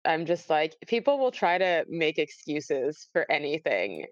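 A woman co-hosting a podcast in casual chat, quick and wry with trailing asides. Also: low voice, very animated, no echo. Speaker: podcast co-host. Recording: dry muffled lo-fi mic.

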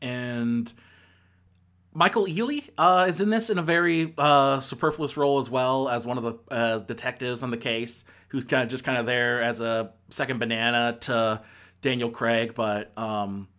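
A man talks casually through a movie review at an ordinary mid-range pitch. He rambles, restarts his sentences and fills the gaps with lots of ums and uhs. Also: normal speed, fairly bright tone.

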